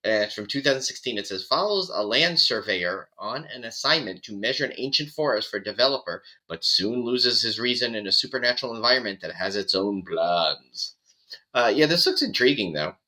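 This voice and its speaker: A man's voice: on the low side, animated, a little fast, bright, forceful tone, low-quality recording. A man co-hosting a horror podcast, chatting casually and reading release details. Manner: rambling, restarts, chuckles. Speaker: podcast co-host. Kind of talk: casual chat.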